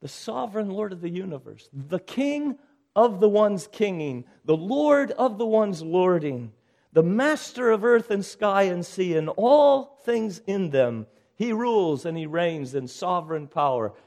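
A male pastor preaching a sermon with urgent exhortation, rising to loud calls and dropping to hushed lines. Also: sits high, sing-song, measured pace, creaky.

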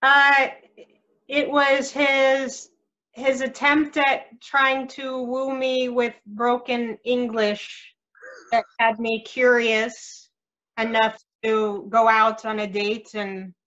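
A woman chatting in a relaxed, amused way on a lo-fi video call. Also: fairly high pitch, slow pace. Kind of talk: casual chat.

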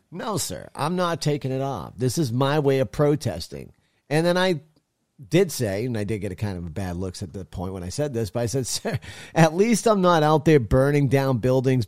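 A man hosts a call-in show, speaking bluntly and swearing as he rants. His voice is recorded dry and close at a studio mic. He sits at a middle pitch. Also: darkish tone, no echo. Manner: blunt, profane, ranting. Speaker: talk show host. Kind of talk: opinionated political talk.

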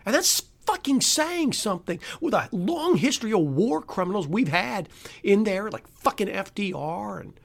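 Male podcast host, slightly higher voice, furious and foul-mouthed, rants alone between outbursts and weary asides. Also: animated, unhurried, vocal fry. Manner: angry, profane, swings from shouting to weary muttering. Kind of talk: solo podcast rant.

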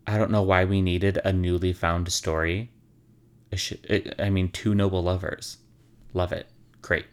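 Deep-voiced, wry male storyteller. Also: flat delivery, measured pace. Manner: wry and sarcastic, swears casually. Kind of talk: casual storytelling.

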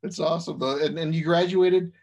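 Husky male interviewer. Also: fairly high pitch, fairly quick. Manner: relaxed, short reactions. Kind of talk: casual interview.

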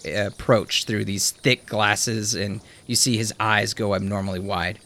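A man narrating a tabletop game as game master, casual, with quick asides. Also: fairly low pitch, level tone, fairly bright tone, slight background noise.

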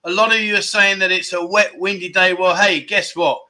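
A chatty man hosting a livestream, greeting viewers by name as he reads out their comments. His voice is high-pitched and very bright, with a tense, sharp edge. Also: steady tone, moderate pace. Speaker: livestream host. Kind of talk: casual livestream chat. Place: in Pattaya, Thailand.

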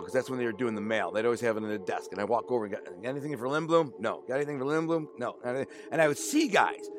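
A man's voice: mid-range voice, fairly bright tone. Slangy man in his forties telling stories. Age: 40s. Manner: casual, slangy, emotional retelling with quoted dialogue. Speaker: storyteller. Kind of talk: candid personal storytelling.

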